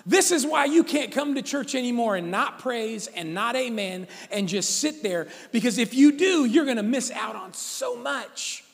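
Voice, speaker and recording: A man preaching a sermon to his congregation, exhorting and joking with them in an animated way. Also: extremely high pitch, moderate pace, vocal fry, few pauses. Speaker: pastor. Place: church sanctuary. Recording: long church hall reverb.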